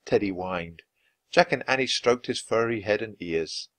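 A man reading a children's book aloud, with expressive, lively narration. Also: on the low side, normal speed, no room sound. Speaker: storyteller.

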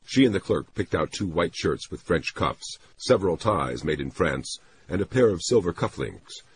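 A man doing scripted audiobook narration, expressive and voicing characters. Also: low voice, normal speed, husky.

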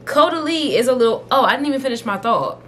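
A young woman talks to her camera at home in a chatty, giggly vlog manner, dropping plenty of fillers. Her voice sits a little high, with a faint hum of room noise behind her. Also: very animated, quick pace, fairly bright tone. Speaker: beauty vlogger. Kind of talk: casual vlog chat. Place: at home, indoors.

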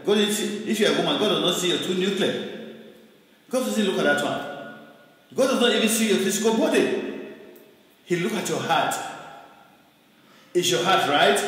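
A man's voice: sits high, fairly bright tone. A male pastor giving an emphatic sermon, repeating key phrases and shifting his pace, heard in a very echoey hall.

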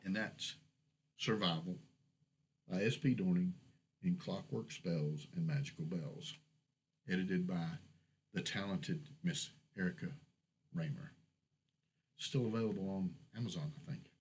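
A man reading his own fantasy short story aloud in a steady, measured storybook narration. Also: sits low, slightly rough, rough recording.

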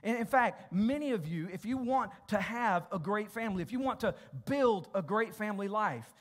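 A man's voice: sits high, animated, normal speed. A pastor preaching a sermon to his church congregation, emphatic and direct, often repeating words as he addresses families. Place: church auditorium.

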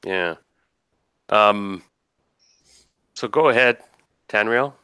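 A man's voice: on the low side, drawn-out words, sharp tone, clear, resonant tone, no room sound. A man running a tabletop game as game master, casually narrating combat and thinking aloud over dice rolls.

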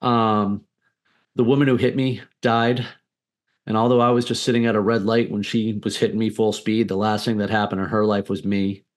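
A man's voice: fairly low pitch, level tone, moderate pace. A man as a podcast guest, telling a candid personal story in a blunt, defiant way with frequent swearing.

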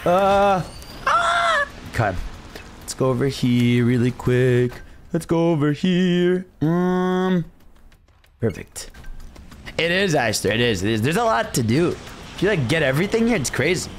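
A young man streams a game from his own room and talks the whole time in a lively, swooping voice. He rambles to his chat, hums little tunes and hypes himself up between moves. A faint background hum sits under his voice. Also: on the high side, unhurried. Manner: chatty, hyped, hums and cheers to himself. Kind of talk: casual gameplay commentary.

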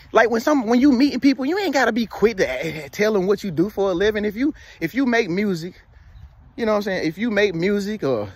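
A man's voice: sits high, breathy edge. A man in his thirties giving casual motivational advice, preachy and repetitive, who keeps checking in with "you feel me.". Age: 30s. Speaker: motivational vlogger.

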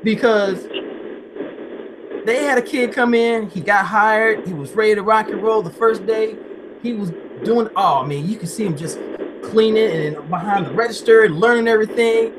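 A man with a fairly high voice hosts a casual live stream chat, bouncing through animated, playful stories and breaking into goofy voices along the way. A steady hiss of noise sits under his voice. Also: moderate pace. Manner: playful, animated storyteller who slips into silly voices. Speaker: host.

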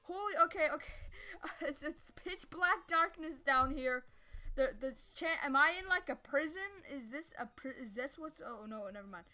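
A woman's voice: sits high, normal speed. A woman giving casual live gameplay commentary who rambles, gets sidetracked, stumbles over her words and breaks into sudden yelps. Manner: sudden excited yelps and squeals. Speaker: gameplay streamer.

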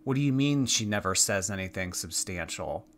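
A man's voice: sits low, animated, moderate pace, fairly bright tone, slight background noise. A man giving sarcastic reaction commentary, mocking what he watches. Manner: snarky, mocking.

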